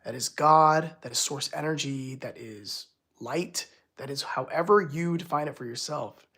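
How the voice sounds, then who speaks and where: A spiritual healer hosting a live stream in casual chat, excitable and gushing, breaking into laughs and exclamations, with many restarts and filler words. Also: medium pitch, a little slow.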